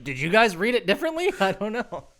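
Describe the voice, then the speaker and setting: A man co-hosting a podcast, retelling a video game story in casual chat, animated and quick to laugh, with restarts. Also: high-pitched, crowd noise. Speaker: podcast co-host.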